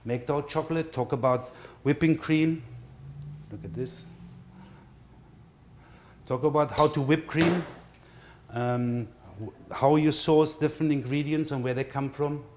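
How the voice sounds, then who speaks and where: A man with a German accent, a culinary instructor giving a relaxed cooking demonstration and listing teaching ideas. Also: a little high, measured pace, slight background noise.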